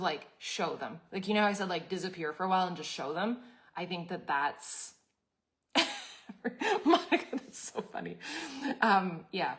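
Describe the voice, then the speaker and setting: A woman in her thirties hosting a live community session, giving a casual motivational talk with candid chat and many restarts. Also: on the low side.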